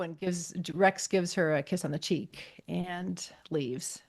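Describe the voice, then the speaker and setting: A woman's voice: lowish voice, a little slow, vocal fry. A woman podcast co-host casually recapping a TV episode, acting out the characters' lines as she retells scenes. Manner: animated retelling, acting out dialogue.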